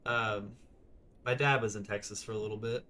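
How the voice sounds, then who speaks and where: A man from California giving excitable, casual commentary while playing a game. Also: on the low side, normal speed. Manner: excitable, swears, chuckles often. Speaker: gaming streamer.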